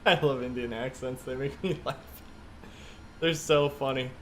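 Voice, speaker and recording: Male streamer, casual chat, thinks aloud through cockpit checklists, medium pitch, faint background hum. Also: steady tone, a little slow. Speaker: flight sim streamer. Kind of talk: casual live-stream commentary.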